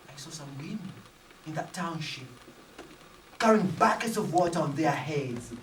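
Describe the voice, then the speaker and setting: A woman telling a dramatic story in spoken-word style, with rhythmic, repetitive phrasing and loud outbursts. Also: fairly low pitch, animated, measured pace, a little hiss or hum. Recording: roomy, distant, faint ambience.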